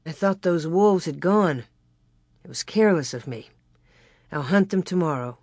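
A woman reading aloud, voicing a steady, protective frontier father who asks plain, firm questions. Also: low-pitched, moderate pace, no room sound, studio quality. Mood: concerned.

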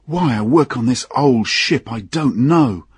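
A man voicing a tipsy young ship engineer who complains loudly with slightly slurred speech in a husky voice. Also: medium pitch, expressive, measured pace, no room sound, pitched above the performer's own voice. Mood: grumbling. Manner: slurred, loud, cheeky.

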